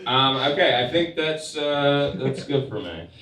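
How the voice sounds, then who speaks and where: A man's voice: mid-range voice, a little slow. Wry young man doing stand-up in an echoey room. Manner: wry, deadpan storytelling with sarcastic asides. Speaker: stand-up comedian. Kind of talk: stand-up comedy set. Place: comedy club stage. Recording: echoey room picked up from a distance.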